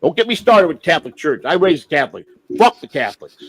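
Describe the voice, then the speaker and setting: A man hosting a livestream, ranting with heavy swearing, flaring loud and then dropping to a mutter. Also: on the high side, sing-song, quick pace, rough recording. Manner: profane, heated, swings from shouting to muttering. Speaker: livestream host. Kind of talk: unscripted livestream rant.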